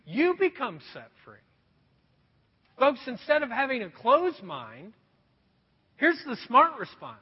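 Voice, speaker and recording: A pastor in his thirties preaches an earnest sermon and keeps calling his listeners folks. His voice sits very high and sounds a little husky. The recording is dull and rings with a long echo from a big hall. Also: huge pitch swings, takes it slowly, long pauses. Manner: earnest storytelling preacher, addresses the crowd as folks. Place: church hall.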